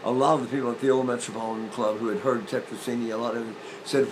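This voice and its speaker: An older man teaching singing, explaining breathing with lively demonstrations, often repeating and restarting phrases. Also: mid-range voice, fast talker, few pauses, noisy background. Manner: animated, illustrating points with sung demonstrations. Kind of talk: demonstrative vocal lesson.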